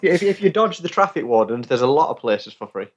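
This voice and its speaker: A man's voice: medium pitch, big pitch swings, fairly quick, a little hiss or hum. Male museum director, plain friendly talk, dry jokes, dull muffled sound. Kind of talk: casual interview chat. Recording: dull lo-fi line.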